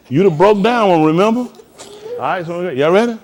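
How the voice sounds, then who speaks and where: A man leading a group class with a lively, bouncing voice that climbs high when he teases. He jokes, laughs and calls out drills in an animated coaching manner, pitched a bit above most men. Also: normal speed. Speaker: class instructor.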